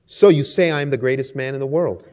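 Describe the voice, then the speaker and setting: A man playing a booming stubborn king. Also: quick pace, a little mellow, close to an everyday voice. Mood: mocking. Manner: commanding, booming royal decrees. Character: proud male king, commanding and stubborn.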